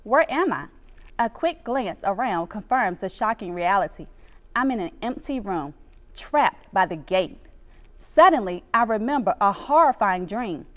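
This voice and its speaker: A woman reading a children's audiobook in an expressive, dramatic first-person storytelling manner. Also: medium pitch, a little slow. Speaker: narrator.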